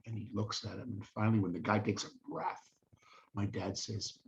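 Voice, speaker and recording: A man's voice: on the low side, moderate pace. An older man telling real estate stories in a casual monologue, acting out the people he quotes. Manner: animated, acts out quoted voices. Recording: dull lo-fi audio.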